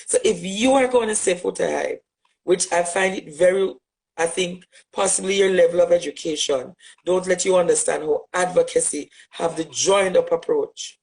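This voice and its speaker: A man with a Jamaican accent, giving an impassioned direct address as a social media commentator, forceful and rhetorical, repeating phrases for emphasis. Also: high voice, normal speed, vocal fry, rough recording.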